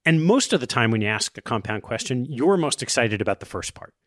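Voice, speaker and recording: A middle-aged man hosting a podcast, explaining ideas in a lively conversational way with quoted asides. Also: mid-range voice, brisk, no echo, clean studio sound. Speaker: podcast host interviewing investors.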